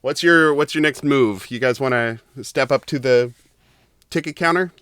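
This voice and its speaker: A man's voice: mid-range voice, normal speed, a bit bright, smooth, no room sound. A man narrating as game master of a tabletop game, rambling with lots of fillers.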